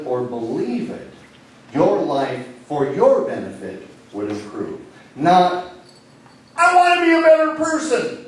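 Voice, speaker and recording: A man from Nebraska working as a stage hypnotist in a comedy show, giving slow, soothing suggestions that sink soft and low when he tells people to relax. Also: a little hiss or hum. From Lincoln, Nebraska. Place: indoor city hall room. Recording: echoey hall, voice from far off.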